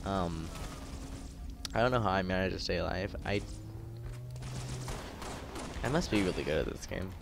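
A man's voice: low voice, normal speed, gravelly, pauses often, music in the background. A teenage boy rambling in casual gameplay commentary, full of fillers and frustrated ranting. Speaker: gaming YouTuber.

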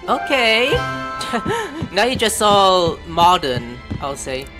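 Guy playing a game and talking thru it, reads the text out loud, pitch jumping all over, music going loud underneath. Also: wildly swooping pitch, drawn-out words. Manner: reads game text aloud and spells words letter by letter; exclaims in surprise and swears. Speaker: gameplay streamer. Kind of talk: casual let's-play commentary.

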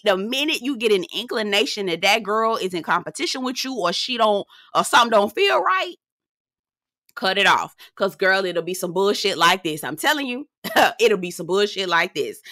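A sassy woman dishes on a reality show in a casual recap, laughing as she talks and calling her listener girl. Her voice is bright and swoops around a lot. The sound is dry and close. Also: mid-range voice, dry recording. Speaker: TV recap host.

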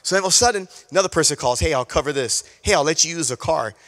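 A male pastor preaching a sermon, telling a personal story in an animated way, acting out conversations and repeating key phrases. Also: fairly high pitch, rapid-fire, long reverb tail. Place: church sanctuary.

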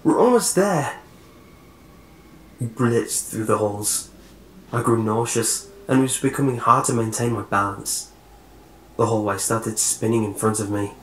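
A man narrating a scripted horror story in a slow, measured way. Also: lowish voice, level tone, fairly bright tone. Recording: roomy echo, faint hiss.

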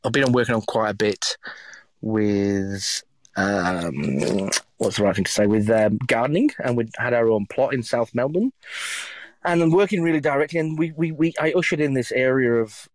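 A middle-aged man from England with a Yorkshire accent, a chef chatting as an interview guest, telling animated stories and swearing freely. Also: medium pitch, normal speed, dry recording. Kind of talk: casual interview chat.

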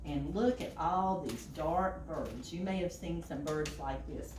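A woman librarian reading a picture book aloud to children, animated and asking them questions. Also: sits low, measured pace, noisy background. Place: library room. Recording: roomy and distant from the mic.

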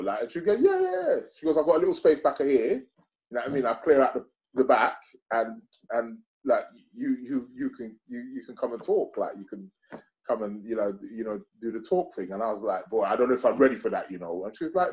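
Man telling stories, mid pitch. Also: fairly quick. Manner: animated, acts out other people's lines with slang-heavy talk. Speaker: interview guest. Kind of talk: casual storytelling chat.

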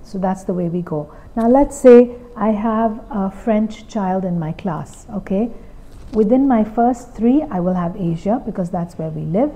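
Patient woman trainer with a warm, mellow voice. She explains step by step and keeps checking in with her listeners. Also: mid-range voice, expressive, unhurried, poor audio. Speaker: Montessori teacher trainer. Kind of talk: instructional talk to trainee teachers.

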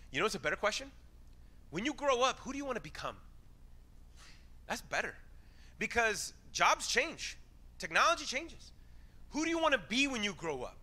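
Male preacher, high and very animated, bright forceful delivery, chatty sermon with acted-out quotes. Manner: lively, conversational, acts out quoted voices. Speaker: pastor.

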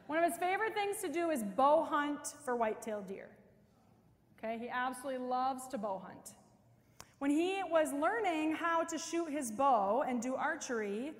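A middle-aged woman's high-pitched, animated voice carries through the long reverb of a big church as she gives a parish mission talk at a moderate pace. She chats and tells stories in a conversational way, using lots of casual fillers.

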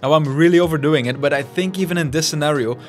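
Young guy, tech vlogger, chatty and upbeat, slightly higher voice, studio mic at his desk, faint music underneath. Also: quick pace. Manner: enthusiastic, chatty, explains while handling gear. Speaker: tech YouTuber. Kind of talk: casual gear review. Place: home studio desk setup. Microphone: studio microphone.

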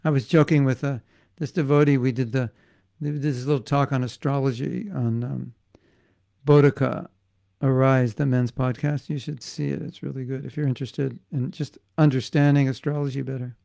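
Gravelly-voiced man giving a casual devotional class. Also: mid-range voice, steady tone, normal speed, dark tone. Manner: casual, joking, conversational. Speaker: spiritual teacher.

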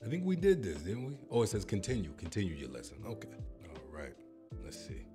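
A man's voice: lowish voice, wildly swooping pitch, fairly quick, music in the background. A man filming a comedic reaction vlog, joking and swearing as he tries a language app. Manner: jokey, swears, bursts into mock announcer voice.

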